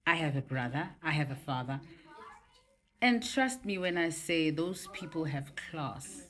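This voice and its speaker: A South African woman with a South African accent speaks in a lowish voice that swings widely in pitch. She talks slowly and emphatically, leaning hard on each word with an indignant edge. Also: big pitch swings. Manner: emphatic and indignant, drawing out her words. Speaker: street interviewee. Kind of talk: impassioned street comment.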